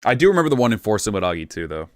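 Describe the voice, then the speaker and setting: A man casually commenting on his gameplay as a streamer, relaxed and rambling, swearing now and then. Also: lowish voice, very fast, no echo, faint music behind.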